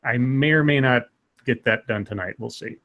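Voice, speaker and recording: A man's voice: mid-range voice, dull audio. A man co-hosting a casual livestream, reading out donations and stammering often. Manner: stammering, quick to laugh.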